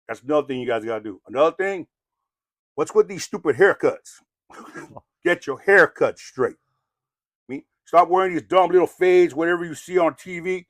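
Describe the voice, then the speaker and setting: The voice is fairly high and fairly bright, moving at a moderate pace in a dry, studio-quality recording. It belongs to a man with a Samoan-influenced Southern California accent giving a rambling, preachy, profane, blunt rant stuffed with "you know what I mean".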